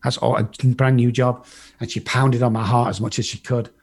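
A middle-aged English man tells his life story in a casual, blunt voice that has a husky edge. He swears freely and acts out other people's lines as he goes, and his pitch sits in an ordinary middle range. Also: level tone, moderate pace. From England.

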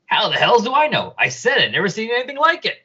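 A man voicing a gruff, blunt male doctor who sounds exasperated, on a dull lo-fi recording. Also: fairly high pitch, lively intonation, moderate pace, fairly bright tone, pitched above the performer's own voice.

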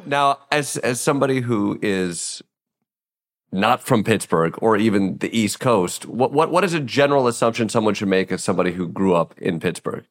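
A man's voice: on the low side, expressive. A young man from the Midwest, co-hosting with a wry, joking manner in casual conversation. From Midwest, USA. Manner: wry, joking, fast riffs. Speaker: co-host.

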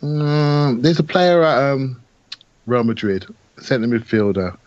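A man talking football as a podcast pundit, thoughtful and halting with many restarts. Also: medium pitch, darkish tone, dry recording, lo-fi sound. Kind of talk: casual chat.

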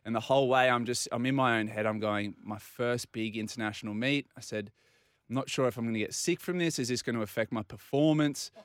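Aussie bloke spinning a yarn, acts out all the dialogue, mid-pitched, dead dry studio sound. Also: male voice, fairly quick, smooth, no echo. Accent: Australian. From Australia. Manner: animated anecdote, acting out quoted dialogue. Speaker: regular guest. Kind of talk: casual storytelling.

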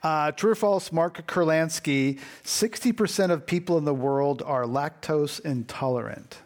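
A man hosting a panel discussion, briskly putting questions to guests by name. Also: fairly high pitch. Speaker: radio show host.

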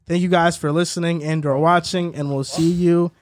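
A man's voice: fairly high pitch, flat delivery, normal speed. A man hosting a casual podcast among friends, rambling and restarting as he talks. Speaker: podcast host. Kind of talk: casual chat.

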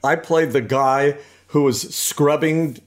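Reflective older man, halting. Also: fairly high pitch, steady tone. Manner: reflective, halting with many restarts and fillers. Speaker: guest actor. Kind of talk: conversational interview.

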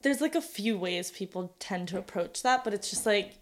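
A young woman in casual conversation, talking things through out loud with lots of fillers and restarts. Her voice sits at an ordinary middle pitch for a woman, easygoing and conversational. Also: expressive, normal speed. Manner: chatty, thinks aloud with many fillers. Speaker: podcast co-host.

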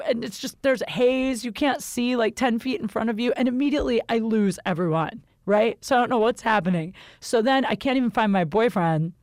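A woman's voice: fairly high pitch, no room sound, studio quality. A young adult woman hosting a podcast, telling a story in casual chat, candid and profane, with lots of fillers. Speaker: podcast host.

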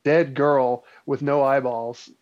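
A man's voice: medium pitch, slow. A man in a casual chat, spinning an old spooky tale in a loose, rambling way full of ums and likes. His voice sits in a middle range. The recording is somewhat dull and muffled. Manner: rambling, relaxed storyteller with many fillers. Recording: dull lo-fi sound.

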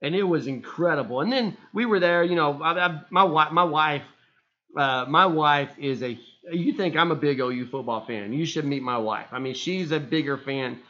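A man co-hosting a casual sports podcast, telling stories animatedly and getting loud and high when excited. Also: normal speed. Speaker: podcast co-host. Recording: muffled lo-fi sound.

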